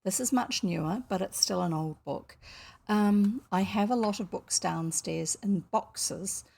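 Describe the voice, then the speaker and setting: A woman's voice: medium pitch, a little slow, gravelly, mellow. A woman with a New Zealand accent, a reader chatting at her desk before reading a book aloud, rambling and correcting herself as she goes. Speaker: audiobook reader. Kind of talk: casual chat before a reading. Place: home desk. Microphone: desk microphone.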